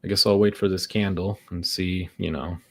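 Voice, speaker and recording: Steady in tone and at normal speed, a young man with a fairly low voice gives frustrated live commentary as a day trader on stream. As his losses mount, he grows weary and exasperated, muttering and cursing over choosing the wrong direction.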